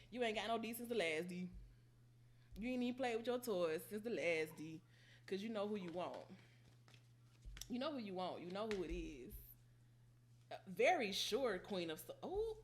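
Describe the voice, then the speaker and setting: A woman's voice: medium pitch, lively intonation, normal speed, long pauses. Teasing, playful woman reading tarot. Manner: playful, teasing, blunt slang, laughs often. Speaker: tarot reader.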